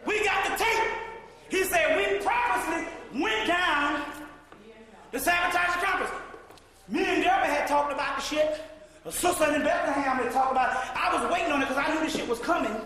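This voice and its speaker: A man giving a profane, animated storytelling lecture, often breaking into shouts and laughter. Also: very high voice, a little fast. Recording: echoey hall recording.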